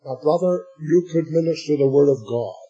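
A man preaching a sermon, slow and emphatic, addressing his listeners as beloved and swelling to shouts at the climaxes. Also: fairly high pitch, slightly rough, highs cut off, faint music behind.

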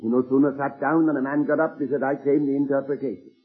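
Husky guy preaching, telling stories one after another, sounds like an old tinny tape. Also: medium pitch, level tone, soft background music. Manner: earnest anecdotal retelling with slowed emphasis. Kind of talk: sermon storytelling.

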